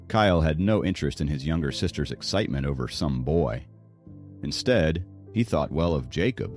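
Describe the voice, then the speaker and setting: A deep-voiced man narrating a novel in an audiobook. His delivery is expressive and lively, rising and falling through the story, with faint music running underneath. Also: normal speed. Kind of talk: scripted narration.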